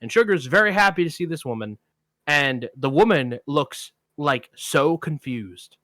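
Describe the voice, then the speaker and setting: Podcast guy rambling thru a neighbor story, acts out everyone, kinda highish bright voice. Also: a little slow, dry recording. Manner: animated anecdote teller, acts out quoted voices. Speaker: podcast co-host. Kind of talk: casual storytelling chat.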